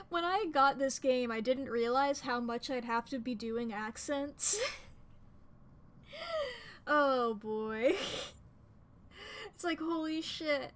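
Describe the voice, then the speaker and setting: High-voiced woman streamer, unhurried. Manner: excitable, swears freely, laughs often. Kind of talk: casual gaming commentary.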